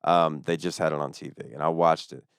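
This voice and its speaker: A young man, a stand-up comedian telling a story in casual chat, fast and full of swearing. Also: very deep voice, fairly even intonation, gravelly, smooth, dry recording, clean studio sound. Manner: fast-talking, profane.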